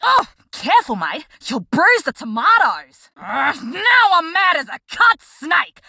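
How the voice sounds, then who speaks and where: A woman's voice: very high voice, big pitch swings, a little slow, vocal fry, pushed and bright, dry recording, full character voice. A woman voicing a playful, menacing female crocodile assassin in a game, with a thick Australian accent and exaggerated slang. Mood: cheeky, teasing. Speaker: game character. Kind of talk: game voice lines.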